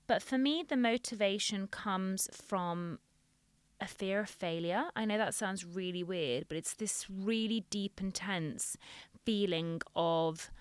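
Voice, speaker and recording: A woman who works as a dentist, talking frankly in casual podcast chat and getting animated when she tells stories. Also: medium pitch, takes it slowly, clear, resonant tone, no room sound.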